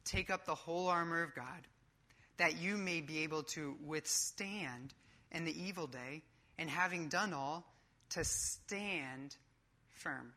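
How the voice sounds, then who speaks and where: A woman's voice: low-pitched, takes it slowly, bright, forceful tone. A woman preaching a sermon in a church, emphatic and coach-like with casual asides.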